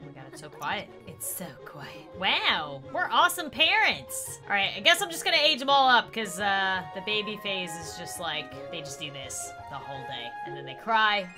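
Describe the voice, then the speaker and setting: A young woman chatting casually over gameplay, excitable and talkative, with loud bursts of cheering. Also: mid-range voice. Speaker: gaming YouTuber. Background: game music.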